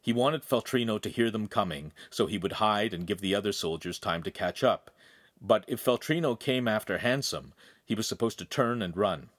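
A male audiobook narrator telling the story in an expressive, storytelling way. His pitch moves a lot, and the recording is close and dry with no room sound. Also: moderate pace, no room sound. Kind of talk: scripted narration.

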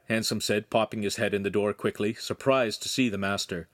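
A man narrating a young adult novel in a steady, even storytelling way. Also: lowish voice, a little fast, hardly any pauses, no echo, studio quality. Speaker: audiobook narrator. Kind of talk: scripted narration.

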